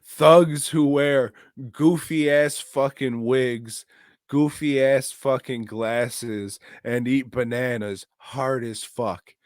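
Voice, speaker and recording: A man's voice: mid-range voice, steady tone, slow, dry recording, studio quality. A man co-hosting a podcast, casually reviewing a movie in a jokey, profane, rambling way. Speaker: podcast co-host.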